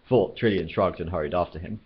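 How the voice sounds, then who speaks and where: A man with a low, husky voice reads a novel aloud at a steady, measured pace. The recording is muffled and lo-fi, like a home setup. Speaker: storyteller.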